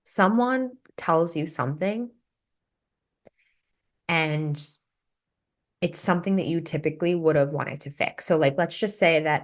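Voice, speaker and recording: Low-voiced woman coach, earnest. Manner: earnest and conversational, full of "like" and "right?". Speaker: life coach and podcast host. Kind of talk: casual teaching monologue.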